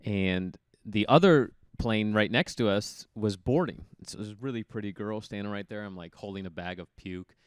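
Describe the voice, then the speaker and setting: A man in his thirties tells stories in a relaxed interview. His voice is smooth and resonant and sits on the low side. He animates his anecdotes by acting out the people in them, recorded close and dry. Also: normal speed, few pauses, no echo. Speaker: guest, former college hockey player. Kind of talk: casual storytelling interview.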